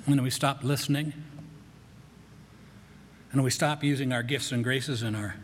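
A man preaching a sermon in a relaxed, folksy way, often repeating words as he talks. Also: mid-range voice, unhurried, a little hiss or hum. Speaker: pastor. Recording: echoey hall.

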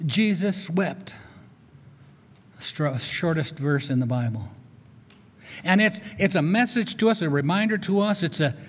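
A man's voice: on the high side, expressive, a little slow, pauses often, slightly rough. An older man, a chaplain, preaching a sermon in an earnest, conversational storytelling way. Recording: long reverb of a large hall.

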